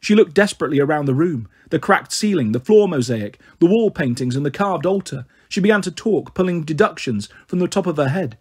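A man narrating a storybook in a steady, even manner. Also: a little high, a little fast, hardly any pauses, slightly rough. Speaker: audiobook reader.

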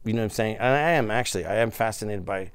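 A gravelly, playful Canadian man. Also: lowish voice, no echo. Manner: playful, jokey, slips into quick impressions. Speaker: interview guest. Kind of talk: casual interview.

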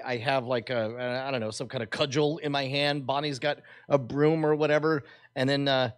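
A man's voice: fairly high pitch, fairly bright tone. Chatty man telling a rambling story. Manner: rambling, hesitant, lots of fillers and restarts. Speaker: podcast co-host. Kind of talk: casual storytelling chat.

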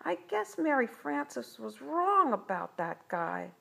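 Older woman voicing an eager storybook boy, very high, husky. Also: very animated, slow, a bit bright, full character voice. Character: rascally young boy, eager.

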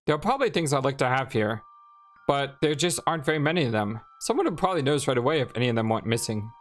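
Low-voiced chatty woman gaming. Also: lively intonation, fast, soft background music. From Ireland. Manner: chatty, reads on-screen text aloud, muses to herself. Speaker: let's play gamer. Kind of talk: casual game commentary.

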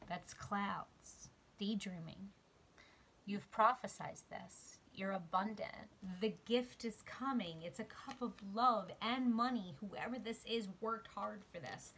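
A woman giving a spiritual tarot reading to her viewers, emotional, shifting from quiet murmurs to excited exclamations. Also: medium pitch, slight background noise. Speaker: tarot card reader. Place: outdoors.

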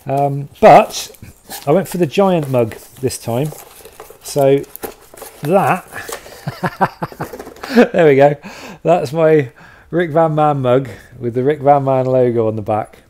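A man's voice: medium pitch, slow pace, warm tone, slight background noise. A man hosting a casual video log, chatty and self-deprecating, rambling with lots of fillers. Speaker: channel host.

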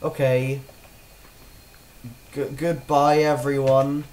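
A man's voice: medium pitch, level tone, slow, a little mellow, low-quality recording. A man doing gameplay commentary, joking around and talking to himself as he plays, recorded on a desktop mic. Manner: goofy, jokey, talks to himself while playing. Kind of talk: let's play commentary.

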